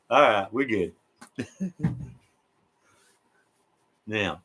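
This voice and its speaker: Man, unhurried drawl, mid-pitched voice, folksy live-stream host, laughs easily. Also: a bit bright, husky. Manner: laughing a lot, easygoing and folksy. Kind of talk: casual live chat reading viewer comments. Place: at home.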